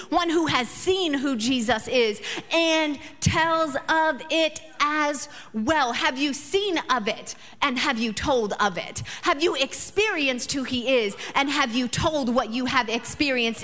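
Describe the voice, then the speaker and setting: A woman's voice: high-pitched, fairly bright tone. Preaching woman in a ringing hall. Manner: emphatic repetition, rising passion. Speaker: pastor. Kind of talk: sermon with personal stories. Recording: long reverb of a large hall.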